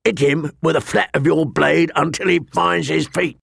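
A man voicing a cruel, mocking master-at-arms with a sharp, cold voice in an audiobook. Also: fairly high pitch, fairly even intonation, moderate pace, creaky, slightly rough, dry recording, clean studio sound, pitched above the performer's own voice, heavily acted. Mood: commanding. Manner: taunting, sneering. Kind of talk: audiobook character voice.

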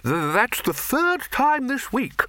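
A man voicing a gruff, blustering older male head of a wizards' college who speaks brusquely and snaps. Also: extremely high pitch, big pitch swings, slow, sharp tone, no room sound, clean studio sound, pitched above the performer's own voice, heavily acted.

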